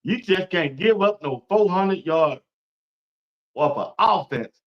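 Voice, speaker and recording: A man hosting a casual sports talk stream, animated, repeating his points and imitating crowd noises. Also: sits high, slow pace. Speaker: sports talk show host. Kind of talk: casual sports commentary to viewers. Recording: dull lo-fi stream audio.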